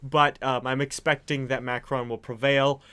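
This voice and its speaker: A man's voice: mid-range voice, flat delivery, normal speed, sharp tone, clean tone. A young man co-hosting a casual political chat, talking in a chatty, hedging way and laughing often. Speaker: co-host.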